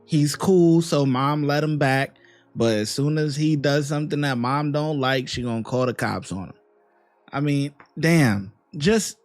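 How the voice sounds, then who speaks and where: A man's voice: on the high side, a little slow. A man with a slightly raised voice talks in a casual commentary style. He sounds blunt and fed up as he gives his opinion, with faint music behind him. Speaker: host reacting to a video.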